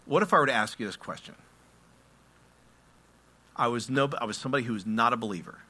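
A man preaching a sermon, moving between quiet explanation and loud, impassioned passages where he acts out prayers. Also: mid-range voice, animated, fast. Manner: acts out prayers and quotes in his own voice. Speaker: pastor.

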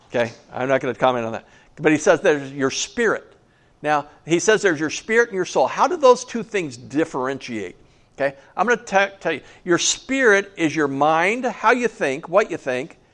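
A man preaching a sermon in a conversational way, often checking in with "okay?" and adding wry asides. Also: a little high. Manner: conversational, keeps asking "okay?". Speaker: pastor.

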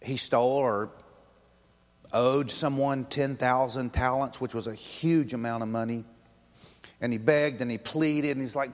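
A pastor, a man, preaches in a loose, conversational way, slipping into quoted voices. His voice sits at an ordinary middle pitch. The sound carries a long reverb from the church hall. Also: normal speed. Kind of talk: sermon.

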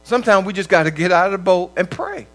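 A man's voice: sits high, quick pace, fairly bright tone, faint music behind, low-quality recording. A man preaching a conversational sermon, acting out quoted voices and laughing often.

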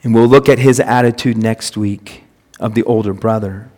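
A man's voice: lowish voice, steady tone, moderate pace, darkish tone. A male pastor delivering an emphatic sermon, repeating phrases for stress. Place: church sanctuary. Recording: long reverb of a church hall.

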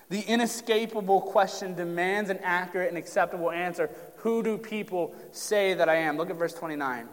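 A man with a high voice preaches to his congregation, reading passages aloud and driving home his points with rising emphasis. His voice rings out with a long echo, as if filling a large hall. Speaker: pastor. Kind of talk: sermon.

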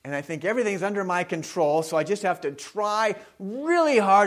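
A man preaching a sermon with a slightly high voice. He talks to his congregation in a conversational way and keeps asking them questions. He moves between loud, emphatic stretches and quiet, reflective ones. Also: big pitch swings, a little fast, few pauses. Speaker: pastor.

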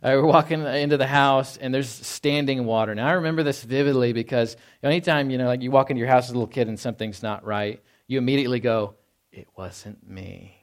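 Speaking fast with few pauses, this pastor, a middle-aged man from Texas, delivers his sermon in a conversational style. He frequently tosses in "right?" and performs quoted lines in a quiet, low voice.

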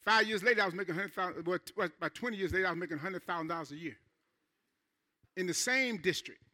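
In church, a pastor delivers his sermon at a racing pace, his high, very bright voice cutting through forcefully. Chatty and lively, he engages the congregation directly and lowers to a near-whisper for side remarks.

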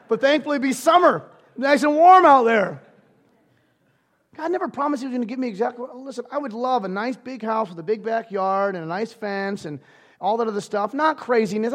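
A man in his thirties preaching with a high, light voice. He swings between loud, animated urging and soft, hushed passages, talking in a casual, personal way from the pulpit. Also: fairly quick. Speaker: pastor. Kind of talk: sermon.

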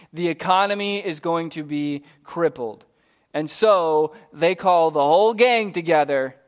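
A man preaching a sermon, telling a Bible story with animated, casual acted-out voices for its characters. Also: a little high.

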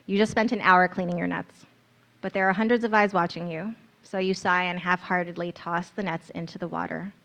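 Woman reading a guided bible meditation, low voice with lots of vocal fry, earnest. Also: steady tone, fairly quick, fairly bright tone. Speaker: narrator. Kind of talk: guided scripture meditation in second person.

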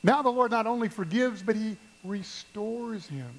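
High-voiced man preaching a sermon. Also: moderate pace, low-quality recording. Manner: storytelling, emphatic, speaks to the congregation. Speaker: pastor. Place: church service.

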